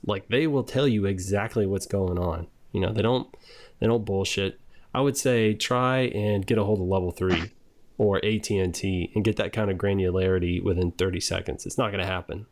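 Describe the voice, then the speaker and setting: Lowish voiced guy on a podcast, blunt and sweary, rambles a bit. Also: moderate pace. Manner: blunt, profane, rambling with fillers. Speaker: podcast co-host. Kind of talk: casual chat.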